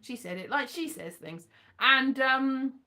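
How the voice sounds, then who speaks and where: A woman's voice: sits high, lively intonation, measured pace, bright, forceful tone. A woman from Wales rambling playfully in a casual monologue, often drifting into half-sung lines. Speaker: vlogger and performer.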